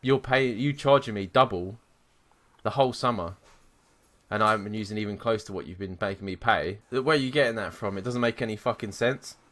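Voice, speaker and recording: A man co-hosting a podcast, telling a story in a sweary, animated way and mocking the people he quotes. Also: fairly low pitch, brisk. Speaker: podcast co-host. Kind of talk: casual chat.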